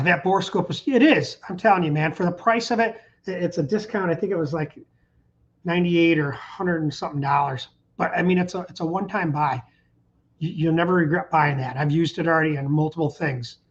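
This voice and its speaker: Over muffled audio, a middle-aged man with a slightly high voice runs a relaxed livestream on his channel. He chats in a rambling, upbeat way and reads viewer comments.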